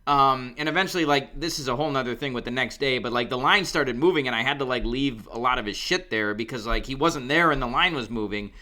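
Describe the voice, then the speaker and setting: A man co-hosting a podcast, chatting in an easygoing, halting way. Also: medium pitch, bright, forceful tone. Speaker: podcast co-host. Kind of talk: casual chat.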